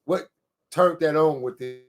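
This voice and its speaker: A man's voice: fairly high pitch, unhurried, soft background music. A man hosting a podcast, asking loose, rambling questions full of "like" and street slang. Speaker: podcast host. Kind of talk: casual interview chat.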